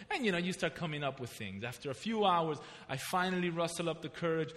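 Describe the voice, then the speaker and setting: A man's voice: on the high side, fast, few pauses. A man preaching a sermon as a pastor, telling a personal story and asking his listeners pointed questions. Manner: storytelling preacher, animated, asks the congregation questions. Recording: reverberant hall.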